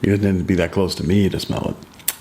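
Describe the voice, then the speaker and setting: A man's voice: deep voice, fairly even intonation, fast talker, mellow, slight background noise. A man co-hosting a casual podcast chat, talking in a dry, teasing, matter-of-fact way. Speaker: podcast co-host.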